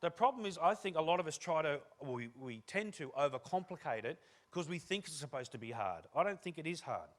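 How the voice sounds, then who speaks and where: A man's voice: fairly high pitch, brisk. A middle-aged Australian man giving a comic motivational keynote talk to a room, telling stories with jokes. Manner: animated, joking storyteller. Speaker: keynote speaker. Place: room with a live audience.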